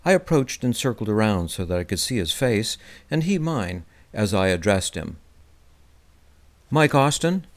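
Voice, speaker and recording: A man narrating a first-person memoir in a measured, descriptive way. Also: on the low side, sing-song. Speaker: audiobook narrator.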